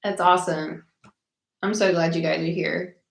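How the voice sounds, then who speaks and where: A woman's voice: on the low side, fairly even intonation, normal speed, creaky, roomy sound, low-quality recording. A young woman chatting casually with viewers during a tarot livestream, bubbly and rambling, her voice a little worn as if she is losing it.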